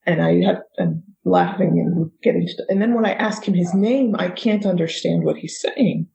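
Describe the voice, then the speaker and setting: A woman from the United States, a guest author telling a personal story in a lively way and laughing often. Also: on the low side, moderate pace, creaky, rough recording. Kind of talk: casual storytelling.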